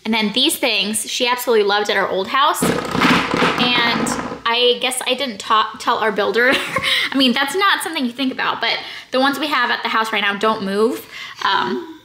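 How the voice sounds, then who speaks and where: A woman's voice: a little high, moderate pace. A young woman chatting casually and proudly at home about a craft project she made for her child. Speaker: vlog co-host. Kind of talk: casual vlog chat. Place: at home indoors. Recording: roomy home audio with faint noise.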